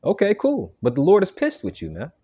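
A man's voice: high voice, wildly swooping pitch, brisk, dark tone, slightly rough. A man giving an informal sermon, emphatic and stammering, tagging nearly every phrase with "man" and "okay". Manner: stammering restarts, repeated words. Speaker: preacher.

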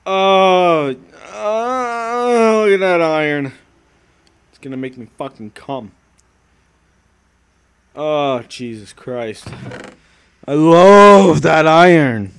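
A young man giving crude, joking commentary while playing a game, swinging from muttered asides to sudden yells. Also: a little high, clear, resonant tone. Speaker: gaming video creator.

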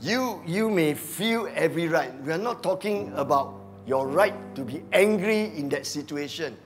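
A man with a Malaysian English accent preaching a sermon as pastor, animated, dropping to muttered asides and acting out quoted voices. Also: on the high side, normal speed, soft background music. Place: church.

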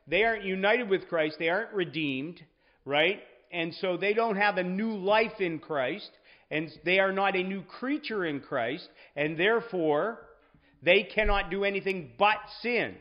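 A man's voice: sits high, a little slow, muffled recording. A man teaching a Sunday school class on scripture, conversational, often checking in with the room.

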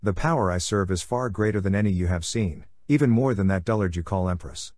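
A man voicing a scheming, silver-tongued male warlord in an audiobook, smooth and sarcastic with bursts of fury. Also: low voice, brisk, darkish tone, no room sound, studio quality, natural voice. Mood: scornful. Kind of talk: audiobook character voice.

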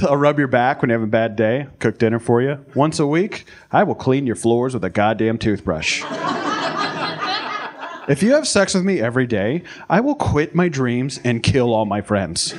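A man doing a crude, brash stand-up comedy set on a club stage, shouting out the voices he acts out. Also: medium pitch. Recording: live club recording, crowd laughter.

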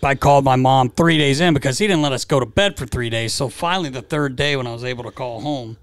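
A man co-hosting a podcast, telling stories in a relaxed casual chat and mimicking the people he talks about. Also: mid-range voice, quick pace, no room sound. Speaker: podcast co-host.

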